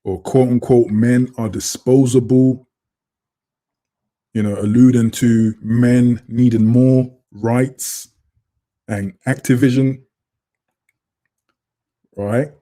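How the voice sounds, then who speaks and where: A man's voice: mid-range voice, steady tone, slow pace, long pauses, warm tone. A man hosting a casual livestream, chatting and reading out comments from viewers on a computer mic. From Britain. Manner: chatty, reads out chat comments. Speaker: livestream host. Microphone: computer webcam mic.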